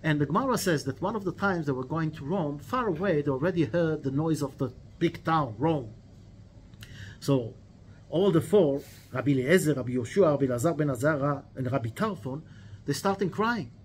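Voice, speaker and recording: A man teaching a weekly religious lesson, telling stories in an animated way with quoted dialogue, earnest, and repeating key phrases. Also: on the high side, normal speed, slight background noise. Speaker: Torah teacher.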